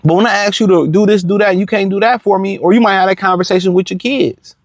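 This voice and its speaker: A man's voice: high voice, fast, no echo. A man giving a blunt, profane reaction rant, full of slang, repeated words and fillers. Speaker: commentator reacting to a clip.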